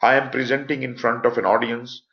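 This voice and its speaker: A man's voice: mid-range voice, flat delivery, fairly quick, highs cut off. A man with a Pakistani English accent giving a live online lecture as instructor, explaining points and stressing them with voice inflections. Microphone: computer mic for online class.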